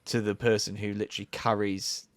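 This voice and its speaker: A man's voice: lowish voice, flat delivery, a little fast, over a noisy crowd. A man co-hosting a podcast in casual chat, enthusiastic and ending points with tag questions. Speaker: podcast co-host.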